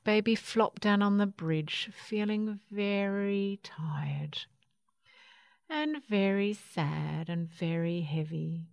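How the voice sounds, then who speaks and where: Woman reading a kids story, slow and super expressive, dry close sound. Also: medium pitch, gravelly, dry recording. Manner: expressive, unhurried.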